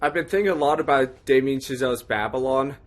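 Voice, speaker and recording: A man's voice: medium pitch, quick pace. A man co-hosting a film podcast, talking in a joking, ironic way. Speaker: podcast co-host. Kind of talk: casual film chat.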